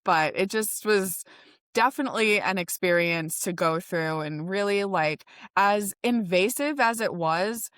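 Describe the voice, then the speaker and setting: A woman's voice: mid-range voice, unhurried, fairly bright tone, clear, resonant tone, no echo, clean studio sound. A woman hosting a casual conversation, chatty and laughing often as she tells stories. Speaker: podcast host.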